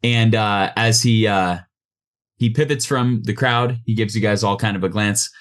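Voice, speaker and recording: A man runs a tabletop game, describing the scene in a low voice. His delivery is casual and unpolished, full of small fillers. He talks like he is among friends at the table. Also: moderate pace. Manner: relaxed, loose, with frequent ums. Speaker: game master.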